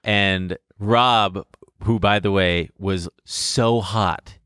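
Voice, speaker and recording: A young man with a low, smooth voice recounts a story in relaxed podcast chat. He rambles and laughs at himself as he goes. The sound is dry and close. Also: extremely slow, dry recording. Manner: rambling, self-deprecating, laughs through his story. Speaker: podcast co-host.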